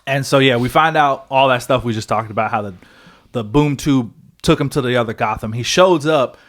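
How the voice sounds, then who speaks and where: A young adult man co-hosting a podcast, excitedly retelling a story in a rambling, casual way with lots of fillers and swearing. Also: medium pitch, brisk. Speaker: podcast co-host.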